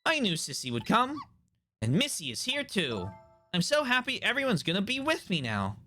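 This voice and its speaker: Sweet clingy young girl, high and bright, put on by a man. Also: wildly swooping pitch, normal speed, faint music behind, full character voice. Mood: happy.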